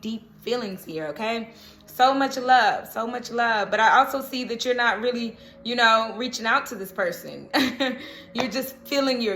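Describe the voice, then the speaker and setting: A woman's voice: a little high, fairly bright tone, slight background noise. A woman giving a casual tarot reading, chatty and laughing often, checking in with the listener. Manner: chatty, laughs often, keeps asking "okay?". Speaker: tarot reader. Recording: roomy echo.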